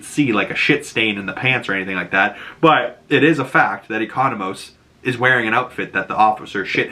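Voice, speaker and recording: A man with a Boston accent casually recapping a TV episode, laughing often and acting out characters' lines in quick bursts. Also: mid-range voice, bright, forceful tone. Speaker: show recap host.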